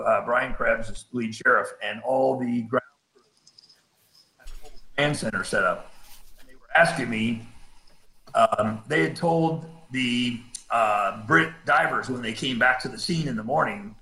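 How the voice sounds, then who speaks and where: A man's voice: medium pitch, sharp tone, roomy sound, poor audio. A middle-aged man, a cave rescue diver, telling a story in a laid-back way and acting out the quotes. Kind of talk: storytelling in a casual interview.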